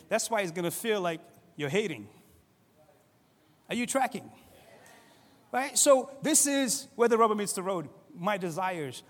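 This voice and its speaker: A middle-aged man preaching a sermon as a pastor, conversational and animated, acting out quoted voices. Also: high-pitched, in a large hall.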